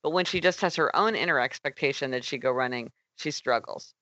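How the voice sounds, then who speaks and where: A woman author, a guest in an interview, explaining her ideas in a brisk, articulate way. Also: very deep voice, sharp tone, no room sound, dull audio.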